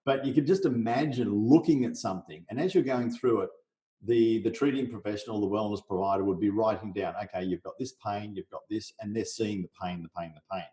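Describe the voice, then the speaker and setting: Low, mellow-voiced middle-aged man from Australia. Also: fairly quick. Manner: energetic, role-plays sales conversations. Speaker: podcast guest, business coach. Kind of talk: coaching explanation in a podcast interview. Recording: roomy echo.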